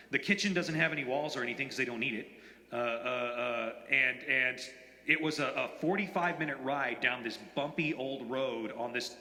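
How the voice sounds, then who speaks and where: A man in his forties, an author telling anecdotes at a bookstore event, in a rambling, halting way full of fillers and restarts. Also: medium pitch, pushed and bright. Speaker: author at a reading. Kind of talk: live anecdotal storytelling. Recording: roomy, reverberant hall.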